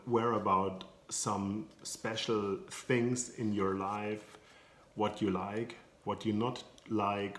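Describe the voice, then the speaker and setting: A man with a German accent, a coach giving an educational video talk in English with hesitant, non-native phrasing and many filler sounds. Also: fairly low pitch. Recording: echoey room.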